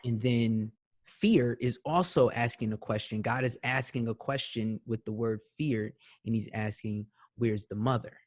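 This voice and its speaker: A man's voice: mid-range voice, a little slow. A man hosting a podcast, talking in a loose, conversational way and often checking in with his guest. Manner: conversational, leans on "you know what I'm saying". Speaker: podcast host. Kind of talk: casual interview chat.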